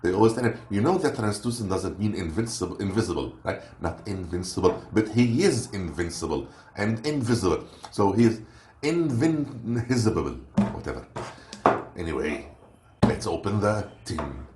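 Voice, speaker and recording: A man's voice: lowish voice, big pitch swings, moderate pace, darkish tone. A man from Lebanon, rambling and joking through a casual snack review and stopping to hunt for words. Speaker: unboxing vlogger. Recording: roomy echo with faint noise.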